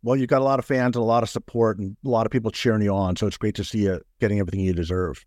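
A man's voice: fairly low pitch, fairly even intonation, rapid-fire, darkish tone, no echo, clean studio sound. A man who is a political consultant, speaking as a podcast guest, earnest and encouraging. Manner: earnest, encouraging, many restarts. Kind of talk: casual interview chat.

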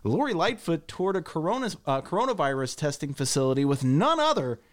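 A man, co-hosting a talk radio show and reading the news in a wry, deadpan, casual way. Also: a little high, fairly quick. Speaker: news reader and co-host.

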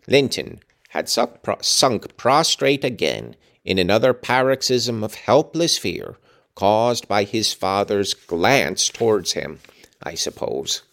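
A man reading a classic novel aloud in an expressive, dramatic way, with his own asides. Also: fairly low pitch, takes it slowly, gravelly. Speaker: reader. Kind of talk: audiobook reading with commentary.

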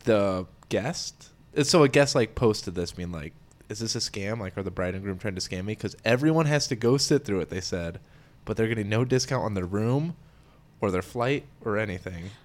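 A man with a low voice co-hosts a casual chat podcast. He tells a story in a relaxed, unhurried way with lots of fillers. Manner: relaxed, recounts stories with many fillers. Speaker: podcast co-host.

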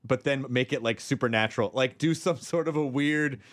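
A man's voice: mid-range voice, brisk. A man riffing playfully in comedic podcast banter, improvising bits.

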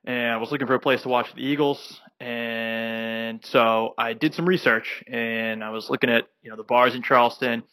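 A man's voice: medium pitch, steady tone, normal speed, few pauses, pushed and bright, clean tone, no room sound. Chatty man telling rambling stories. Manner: rambling, filler-heavy anecdotes. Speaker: podcast co-host. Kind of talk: casual storytelling chat.

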